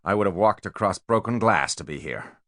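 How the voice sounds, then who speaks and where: A man's voice: deep voice, expressive, fairly quick, dry recording, clean studio sound, pitched above the performer's own voice. Brash middle-aged American mogul, put on by a male reader, American accent, pushy and chummy. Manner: loud, breezy, overfamiliar.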